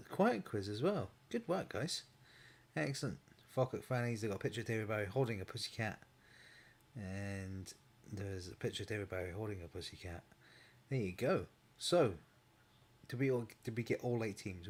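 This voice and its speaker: A man hosting an online pub quiz in a chatty, upbeat way. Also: medium pitch. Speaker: quiz host.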